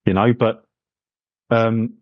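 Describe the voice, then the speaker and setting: A man's voice: lowish voice, little pitch movement, slow pace, dry recording, lo-fi sound. A man hosting a podcast, chatting in a matey way with lots of tag questions. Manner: matey, chatty, full of tags like "isn't it". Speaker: podcast host. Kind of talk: casual chat.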